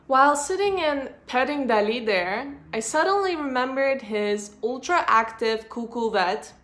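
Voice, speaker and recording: A woman's voice: high-pitched, lively intonation, unhurried, fairly bright tone. A woman vlogger giving a frank, blunt personal monologue about human nature.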